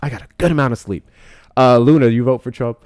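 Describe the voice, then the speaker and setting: A man hosts a live-stream debate show, talking loosely and loudly with lots of swearing and frequent laughter. His mid-range voice moves fast, captured in a dry, studio-quality recording.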